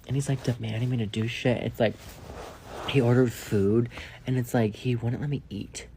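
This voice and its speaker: A man telling a casual storytime, rambling and swearing, leaning on "like" and dropping into hushed asides. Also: medium pitch, steady tone, normal speed, a little hiss or hum. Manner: rambling, profane, heavy use of "like"; drops to a hushed whisper for asides.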